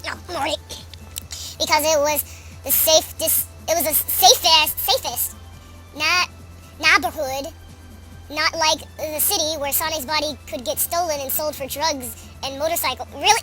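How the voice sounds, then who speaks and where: Brief: high-voiced young reader, sarcastic read-aloud of a fan story, music playing underneath. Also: fairly even intonation, a little slow. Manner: sarcastic, laughs at the text, exasperated asides. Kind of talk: mocking read-aloud with commentary. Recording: background music.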